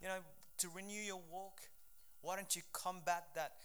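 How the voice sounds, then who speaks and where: A middle-aged pastor preaching a sermon in a fervent, conversational way, with frequent restarts. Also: male voice, high voice, little pitch movement, normal speed, fairly bright tone, smooth.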